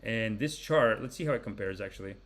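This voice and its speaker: A man in his forties hosting a podcast, giving rambling, animated, mock-preachy comic commentary. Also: lowish voice, a little fast. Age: 40s. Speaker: podcast host. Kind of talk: comedic commentary.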